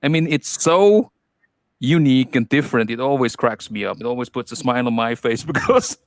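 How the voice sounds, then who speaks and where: A man's voice: mid-range voice, a little fast. A man co-hosting a live stream, casually greeting viewers in an amused, laid-back way.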